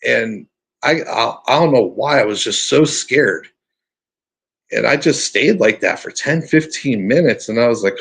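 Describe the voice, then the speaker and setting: Podcast guest, male, husky, earnest storyteller who stumbles and restarts. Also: medium pitch, expressive, fairly bright tone. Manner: earnest, halting, restarts often. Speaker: podcast guest telling his encounter story. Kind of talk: casual storytelling.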